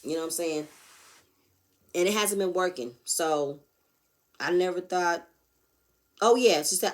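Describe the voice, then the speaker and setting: A woman giving a blunt, profane, animated recap of a reality show episode. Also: fairly low pitch, unhurried, pauses often. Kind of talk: casual recap commentary.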